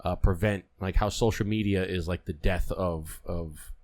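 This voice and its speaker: A man's voice: low voice, normal speed. A man hosting a podcast, chatting casually and animatedly, acting out the people in his stories. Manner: animated storyteller, acts out voices in stories. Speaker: podcast host.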